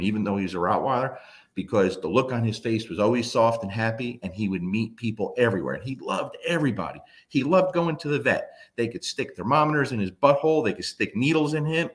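Low-voiced man telling dog stories. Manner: animated, acts out his dogs and friends in quick asides; blunt, swears casually. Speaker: dog trainer. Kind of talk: casual storytelling talk.

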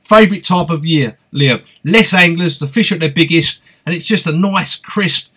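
Hosting a live question-and-answer stream for his fishing channel, a man with an East London accent reads out viewer comments and greets people by name in a chatty, upbeat way. His voice is high for a man, pushed, bright and slightly rough, at a moderate pace.

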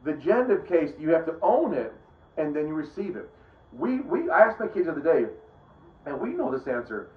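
A man's voice: on the high side, sing-song, fairly quick. A middle-aged man giving a casual, rambling Bible teaching, often breaking off and restarting his sentences. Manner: rambling, conversational, self-interrupting. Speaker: preacher. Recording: roomy, dull lo-fi sound.

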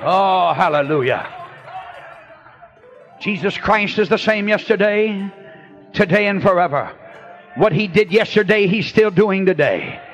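High, lively preaching man. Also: soft background music. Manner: preaching with shouted, drawn-out refrains and folksy storytelling. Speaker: pastor. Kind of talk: revival sermon. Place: church before a congregation.

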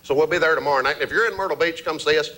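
A man's voice: on the high side, very fast, bright, forceful tone, low-quality recording. A man from Georgia with a thick Southern accent, chatting as a guest comedian, self-deprecating and joking, laughing often. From Columbus, Georgia, US. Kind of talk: casual interview chat.

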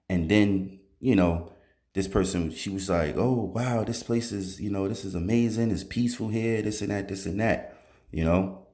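Deep-voiced man recounting a dream. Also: a little mellow. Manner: rambling, conversational, many fillers and restarts. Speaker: testifying believer. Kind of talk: recounting a dream as a religious testimony.

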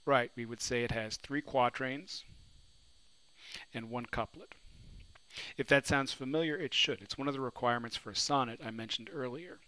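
A man's voice: mid-range voice, moderate pace, pushed and bright, low-quality recording. Man teaching poetry, asking and answering. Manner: asks questions then answers them. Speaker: literature teacher. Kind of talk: recorded lecture. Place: New Orleans.

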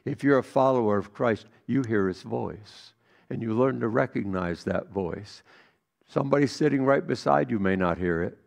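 Gravelly-voiced pastor preaching a sermon. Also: male voice, medium pitch, moderate pace. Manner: storytelling, swings from hushed to emphatic.

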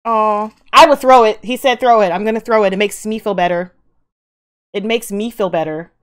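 A woman with a mid-range voice hosts a casual reaction video at a moderate pace, profane and emphatic as she talks back to the screen. The drama she's watching plays underneath.

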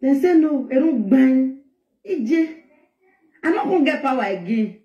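A woman's voice: high-pitched, lively intonation, normal speed, dark tone, roomy sound, highs cut off. A woman with a Nigerian Pidgin accent telling a personal family story in an emotional, rambling way, heard in a replayed video clip. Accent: Nigerian Pidgin English.

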